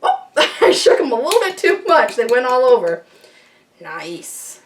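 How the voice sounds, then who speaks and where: Upbeat, chatty woman with a higher voice doing a kitchen how-to, a little off-mic. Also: huge pitch swings, unhurried, far from the mic, slight background noise. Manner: chatty, upbeat, self-deprecating asides. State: slightly out of breath at times. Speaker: homesteading channel host. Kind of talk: casual how-to demonstration. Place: home kitchen.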